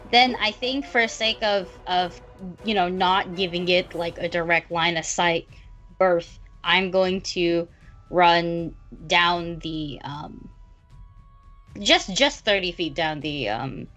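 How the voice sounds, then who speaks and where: A woman's voice: fairly low pitch, slow pace, a bit bright, muffled recording, soft background music. A woman playing in a tabletop game, talking casually with lots of hesitations and some swearing. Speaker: player.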